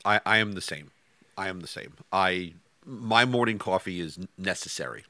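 A man chatting casually on a podcast, stumbling over his words and repeating himself as he goes. His voice sits a little low but sounds bright and clear, and the recording is dry and close. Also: moderate pace, no room sound. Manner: stammering restarts, self-deprecating and chuckling. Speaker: podcast co-host. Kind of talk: casual chat. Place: home office.

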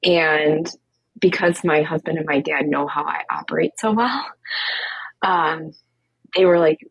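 A woman's voice: deep voice, unhurried, creaky, slightly rough, no room sound, low-quality recording. A woman guest on a podcast, telling her story with candor, acting out the dialogue and filling it with "like". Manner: animated, acts out quoted dialogue with frequent "like" fillers. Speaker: podcast guest, cancer coach. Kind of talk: candid storytelling conversation.

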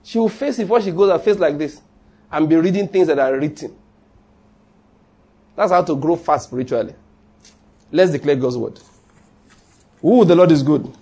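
A man's voice: fairly high pitch, moderate pace, long pauses, warm tone, slightly rough. A man preaching a sermon in a church, humorous and conversational, leading the congregation in call-and-response. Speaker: pastor.

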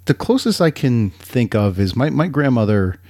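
A man's voice: mid-range voice, big pitch swings, moderate pace, darkish tone. A man co-hosting a podcast, chatting casually and rambling with frequent restarts. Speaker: podcast co-host. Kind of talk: casual chat.

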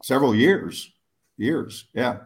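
A man's voice: medium pitch, lively intonation, takes it slowly, vocal fry, a little hiss or hum. A man, a public speaker, telling stories in an interview in a rambling, self-interrupting way, often laughing at himself. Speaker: guest speaker. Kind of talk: storytelling interview answers.

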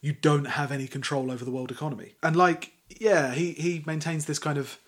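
A man's voice: a little high, steady tone, brisk. A man hosting a podcast, talking in a wry, ranting way with lots of fillers. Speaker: podcast host. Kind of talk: casual chat.

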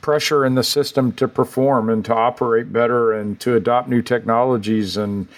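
A man's voice: medium pitch, fairly even intonation, normal speed. Upbeat man hosting a podcast. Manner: upbeat, ends points with "right?". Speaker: podcast host. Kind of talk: casual chat.

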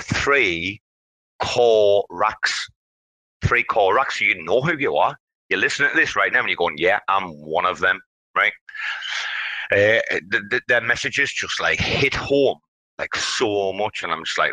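A man's voice: fairly low pitch, measured pace, no room sound, low-quality recording. Hyped-up man hosting an audio room. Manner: animated, rambling, hypes up the community. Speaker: host. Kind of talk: casual chat in a live audio room.

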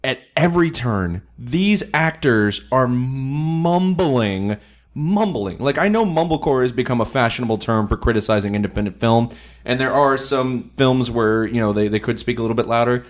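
A man's voice: medium pitch, fairly quick. A man co-hosting a casual film review chat, ranting sarcastically and swearing as he pans a movie. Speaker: film review podcast co-host.

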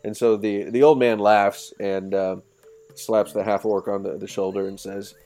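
A man narrating a tabletop game as game master and voicing its villagers, with halting speech and frequent laughter. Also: lowish voice, little pitch movement, mellow, soft background music.

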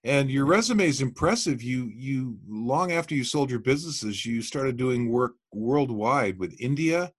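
A man hosting a podcast interview, chatty and enthusiastic, quick to affirm his guest. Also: medium pitch, expressive, husky. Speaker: podcast host. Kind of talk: casual interview.

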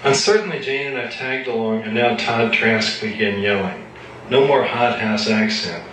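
A man reading his own fiction aloud at a live event, in a measured, matter-of-fact way. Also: on the low side, fairly bright tone, recorded from a distance, slight background noise. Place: live reading at an evening gathering. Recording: echoey room from afar.

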